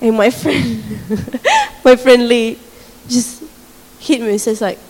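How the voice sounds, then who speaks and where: A woman with a high voice tells a faith testimony as a sermon. Her storytelling is animated, broken by frequent laughter and acted-out quotes. The sound carries a long reverb, as in a large hall. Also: slow pace. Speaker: speaker sharing a testimony.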